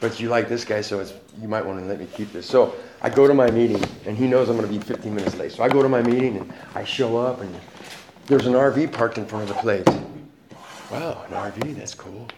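A man's voice: on the low side, fast talker, echoey room, noisy background. A man giving a candid, profane personal testimony at a recovery meeting, laughing often.

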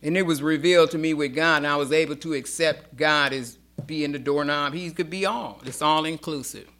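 A woman's voice: sits low, normal speed, a bit bright. A middle-aged woman sharing her personal testimony at a recovery meeting, telling her story emphatically and acting out the dialogue she quotes.

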